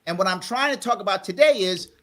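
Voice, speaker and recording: A man hosting a live panel talk show by video call, calmly but firmly trying to settle a heated guest. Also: high-pitched, quick pace. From South Bronx, New York. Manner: firm, tries to calm a heated guest. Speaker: host.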